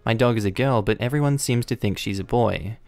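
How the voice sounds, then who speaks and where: A man's voice: on the low side, fairly quick, gravelly, darkish tone, dry recording, soft background music. A man reading the lines of a pushy, indignant entitled mother in a story, demanding and huffy.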